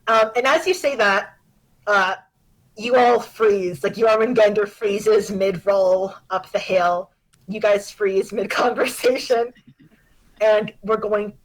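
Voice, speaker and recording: A woman narrating a tabletop role-play as game master, relaxed and full of fillers. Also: medium pitch, poor audio.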